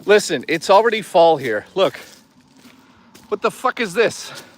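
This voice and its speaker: A man talking casually to his live chat while walking outdoors in the woods, excitable, joking and swearing a lot. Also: high voice, measured pace, slight background noise. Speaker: live streamer. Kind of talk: casual live-stream chatter.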